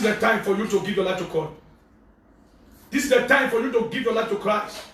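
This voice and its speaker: A man with a Nigerian accent preaching a fervent sermon, often shouting as he preaches. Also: high voice, fairly quick, long pauses, slight background noise. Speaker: prophet preacher. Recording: very echoey, from far off.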